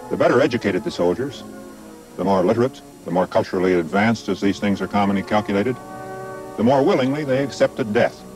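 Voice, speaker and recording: Older male presenter, low voice, measured scripted narration, dry wit, faint music bed. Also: a little mellow, poor audio. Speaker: documentary presenter.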